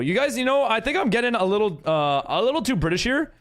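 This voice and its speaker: A man's voice: high-pitched, expressive, quick pace, fairly bright tone. A man streaming a game live, casually chatting and answering his viewers' messages with rambling talk and frequent giggles. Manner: rambling, giggly, reads chat aloud.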